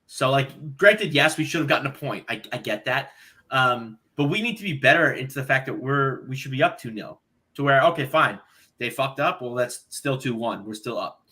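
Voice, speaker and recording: Bright-voiced man ranting casually. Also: medium pitch, lively intonation, moderate pace. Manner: blunt, fired-up, swears freely. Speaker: podcast panelist. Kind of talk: casual football chat.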